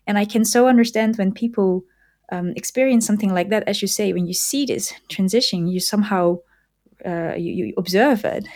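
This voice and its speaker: A woman hosting a podcast, talking casually and reflectively, often pausing to search for words. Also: medium pitch, darkish tone. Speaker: podcast host. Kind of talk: casual conversation.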